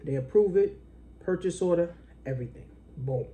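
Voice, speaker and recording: A woman in her forties telling a story as a business coach, with a pitch that swoops up and down all the time. She talks casually, swears freely and acts out other people's words in a high, excited voice. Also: normal speed, noisy background.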